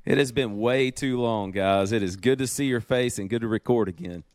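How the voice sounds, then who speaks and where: A man co-hosting a podcast, telling stories in a lively, casual way from his office. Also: medium pitch, moderate pace, dry recording. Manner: animated storyteller, acts out quoted voices. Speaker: podcast co-host. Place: home office.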